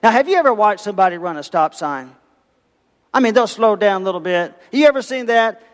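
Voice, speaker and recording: A man preaching a sermon, telling a parable with lively, animated storytelling and acting out the voices of its characters. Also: high-pitched, brisk, long reverb tail. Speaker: pastor.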